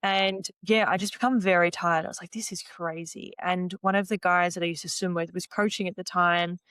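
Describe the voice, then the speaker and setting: A young woman with a fairly low voice tells her story in a relaxed, chatty way. She often acts out what she and others said, with plenty of "like" and "you know." The sound is close and dry, with no room echo. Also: fairly quick, smooth. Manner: retells conversations by quoting herself and others. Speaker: podcast guest, former swimmer. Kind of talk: casual interview storytelling.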